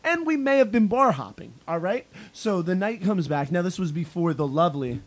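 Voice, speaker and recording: Late-20s man, high voice, profane rowdy storyteller, casual friend chat. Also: very animated, moderate pace.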